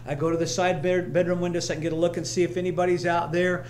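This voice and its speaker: A man's voice: high-pitched, little pitch movement, fast talker, darkish tone, a little hiss or hum. A man pastor preaching a sermon in a church, emphatic and repetitive, weaving in personal stories. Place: church sanctuary, streamed live.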